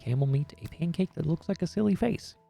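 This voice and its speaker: A man's voice: a little high, fairly quick, creaky, mellow, faint music behind. A young man streaming a game, reading it aloud with jokey, sweary asides.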